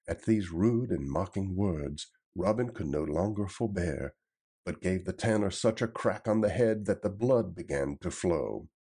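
A man narrating a storybook tale in a measured, expressive reading. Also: deep voice, breathy edge.

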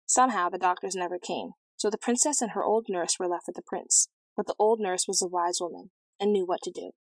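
A woman reading a fairy tale aloud in a measured, clear and expressive way. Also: fairly low pitch, dry recording, low-quality recording. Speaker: storyteller.

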